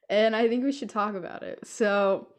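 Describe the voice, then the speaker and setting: A young woman chatting on a podcast, mid-pitched, spinning stories about her week. She breaks into laughter often and keeps a loose, conversational flow. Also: fairly even intonation, takes it slowly. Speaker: podcast co-host. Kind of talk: casual chat.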